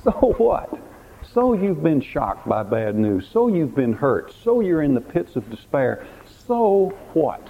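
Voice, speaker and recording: A man's voice: fairly high pitch, sing-song, slow, vocal fry, voice pushed up, heavily acted. A man voicing a mocking male devil who whispers sneering taunts. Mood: taunting. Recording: tinny phone-like recording, faint hiss.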